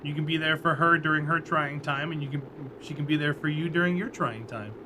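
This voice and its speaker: A man's voice: a little high, fairly quick, noisy background. A man streaming a space game live, chatting casually and encouraging his viewers as he plays.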